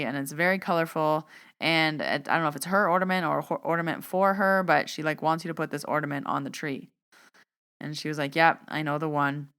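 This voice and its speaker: Chatty lady podcaster, lots of "i was like", deep-ish clean voice. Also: fairly bright tone, clear, resonant tone. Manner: chatty, retells dialogue with "I was like". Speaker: podcast host recounting a mediumship reading. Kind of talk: casual storytelling monologue.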